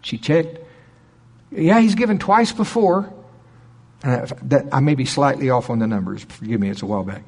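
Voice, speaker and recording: A middle-aged man preaching, telling a story in an animated way and acting out quoted people with a raised voice. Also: medium pitch, moderate pace, gravelly, breathy edge. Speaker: pastor. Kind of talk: sermon storytelling.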